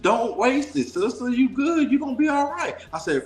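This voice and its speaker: A man from Dallas, a talk show guest telling a story in an animated, preachy way. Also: on the high side, a little fast, few pauses, reverberant. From Dallas, Texas. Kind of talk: casual storytelling.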